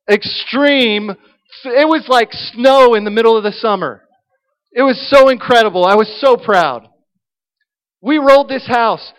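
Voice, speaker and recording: A man preaching a sermon, telling a humorous story in an animated way. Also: very high-pitched, smooth, poor audio.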